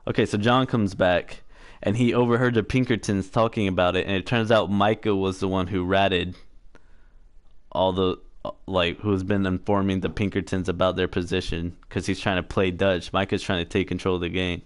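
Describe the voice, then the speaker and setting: A man's voice: deep voice, flat delivery, moderate pace, clean tone, no room sound, studio quality. A man giving casual gameplay commentary, rambling through a story recap with fillers, self-corrections and offhand swearing. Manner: profane, offhand. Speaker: gameplay streamer.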